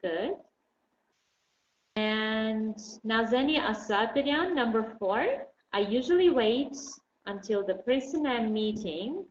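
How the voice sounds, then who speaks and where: A woman's voice: on the high side, lively intonation, slow. Patient, encouraging female English teacher; dull, echoey recording. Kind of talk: online class lesson. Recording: dull roomy recording with faint noise.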